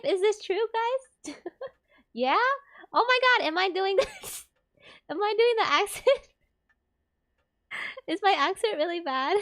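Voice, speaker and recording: A woman's voice: high voice, a bit bright. A young woman streaming a game, chatting casually and giggling with her viewers. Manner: giggly, chatty, talks to chat. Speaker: gaming streamer.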